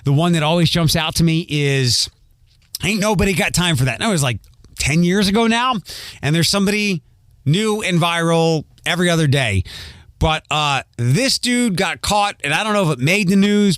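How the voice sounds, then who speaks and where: A man's voice: a little high, expressive, moderate pace, fairly bright tone, clear, resonant tone, dry recording. A man hosting a podcast, chatting in a rambling, self-aware way with a faint Philadelphia accent. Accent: Philadelphia, mostly trained out. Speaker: podcast host. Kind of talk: casual podcast monologue.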